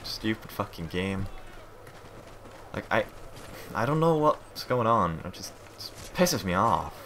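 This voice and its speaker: A man's voice: fairly low pitch, sing-song, slow, a bit bright. A man doing live gameplay commentary, frustrated and swearing as he plays. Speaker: gamer. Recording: game noise clearly behind.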